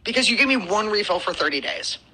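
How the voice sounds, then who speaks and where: Bright-voiced woman in an angry swearing rant. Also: mid-range voice, expressive, quick pace, husky, poor audio. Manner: furious, heavy swearing, storytelling. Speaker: podcast co-host. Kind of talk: profane venting rant.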